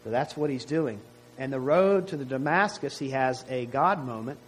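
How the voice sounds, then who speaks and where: A man's voice: medium pitch, expressive, moderate pace, a little hiss or hum, poor audio. A man preaching a sermon to his congregation in a conversational way, often asking rhetorical questions. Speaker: pastor.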